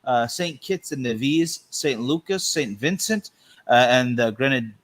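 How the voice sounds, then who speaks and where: A man co-hosting a podcast, chatting casually and spinning deadpan, rambling jokes. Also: medium pitch, measured pace. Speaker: podcast co-host. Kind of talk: casual joking chat.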